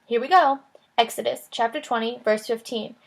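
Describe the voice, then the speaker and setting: A woman voicing a sensible boy of about twelve who speaks in a steady, matter-of-fact way in a children's book reading. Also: on the high side, normal speed, creaky.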